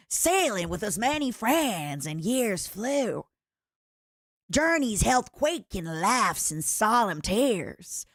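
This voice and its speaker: A woman putting on an accent to recite a sea poem slowly and dramatically, in a sing-song way. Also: fairly high pitch, fairly bright tone, no echo, studio quality, heavily acted.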